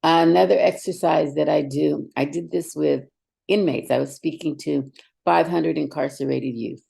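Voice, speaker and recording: A middle-aged woman with a low voice and a heavily gravelly, fried texture. She tells classroom stories in an animated, emphatic, direct way, like a seasoned teacher talking as a podcast guest. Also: moderate pace. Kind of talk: storytelling in conversation.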